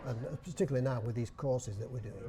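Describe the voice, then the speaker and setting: A man's voice: medium pitch, quick pace, crowd noise. An older man with a Yorkshire accent, chairman of a dialect society, answering interview questions in a thoughtful way with restarts.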